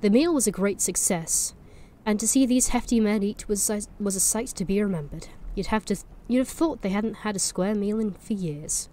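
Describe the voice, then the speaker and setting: A woman reading a ghost story aloud in a relaxed way, with little apologetic asides. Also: mid-range voice, moderate pace, slight background noise. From Norfolk, England.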